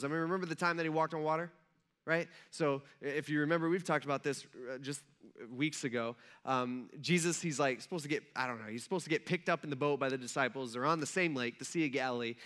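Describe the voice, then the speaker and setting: A male pastor in his thirties preaching a relaxed, conversational sermon. He tells stories with animation and fills his speech with casual fillers. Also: high voice. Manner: animated storyteller, acts out quotes, many fillers like "like".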